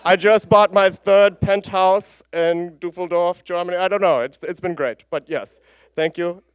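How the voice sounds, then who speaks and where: A man voicing a sassy, boastful male celebrity goose mascot in a campy comic skit, with a smooth, clear voice. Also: high-pitched, fairly even intonation, a little slow, no echo.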